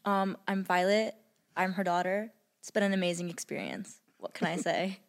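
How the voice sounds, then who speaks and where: A seventeen-year-old girl co-hosting a casual podcast, teasing in a dry, deadpan way. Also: on the low side, normal speed. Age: teens. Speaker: podcast co-host. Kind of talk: casual chat.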